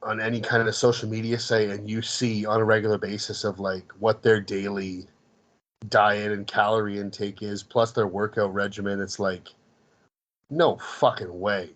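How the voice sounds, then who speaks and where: A man's voice: fairly low pitch, little pitch movement, normal speed, a bit bright. A man co-hosting a podcast, chatting casually about a comedy film, rambling with frequent restarts. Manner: rambling with frequent restarts, laughs while recounting. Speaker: podcast co-host. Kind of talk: casual movie discussion.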